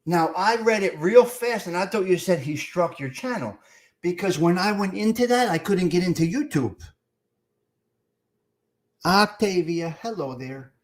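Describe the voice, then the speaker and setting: A man hosting a casual live stream, rambling and swearing as he talks to viewers in the comments. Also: high-pitched.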